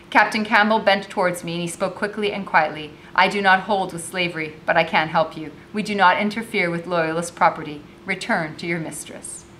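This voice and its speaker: A woman's voice: on the low side, a bit bright, a little hiss or hum. A woman teacher reading a novel aloud with commentary, raising her voice expressively for the dialogue.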